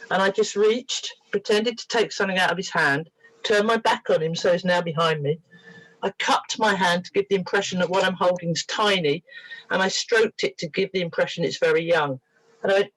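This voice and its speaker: A woman's voice: mid-range voice, moderate pace, no echo, rough recording. A middle-aged woman, a therapist, telling stories animatedly as a guest and acting out the voices in them. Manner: lively, acts out the voices in her stories. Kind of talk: animated storytelling.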